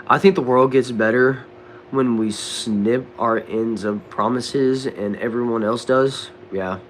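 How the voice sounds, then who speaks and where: Young Southern man, livestream host, casual drawl, mid-range voice, low hum in the room. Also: fairly even intonation, takes it slowly. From Texas. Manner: laid-back, drawling, says bro and dude a lot. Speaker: livestream host reading chat. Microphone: desk microphone.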